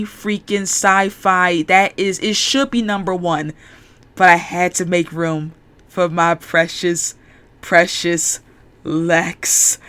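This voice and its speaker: A woman's voice: mid-range voice, fairly bright tone, clear, resonant tone. A woman chatting casually, retelling a show's plot in a rambling, enthusiastic way with many restarts. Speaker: YouTuber. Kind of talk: casual chat, show recap.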